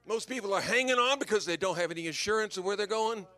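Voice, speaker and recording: An older man, a visiting preacher, delivers an anecdotal sermon, telling stories with lively energy and chuckling at his own jokes. His voice is high and fast.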